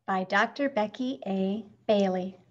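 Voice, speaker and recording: A woman reading a children's picture book aloud in a slow, expressive storytelling manner. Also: mid-range voice, dull audio. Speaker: reader.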